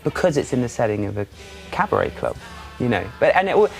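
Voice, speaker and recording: A man chats as a morning TV guest, his speech loose and full of restarts. His voice sits at a middling pitch. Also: sing-song, vocal fry, soft background music. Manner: chatty, halting with restarts and fillers. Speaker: guest performer. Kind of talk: casual chat.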